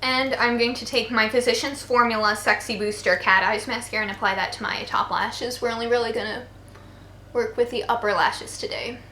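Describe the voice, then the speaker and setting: Speaking fairly quickly in a fairly high, steady, bright and forceful voice, this twenty-something woman jokes her way through a casual makeup tutorial despite being tired from poor sleep. Her chatty narration carries a roomy echo and faint noise, with quiet voices drifting in from outside.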